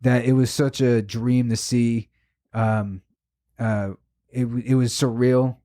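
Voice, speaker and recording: A man co-hosting a podcast, telling a story in casual chat, emotional and animated, swearing a lot. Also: mid-range voice, takes it slowly. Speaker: podcast co-host.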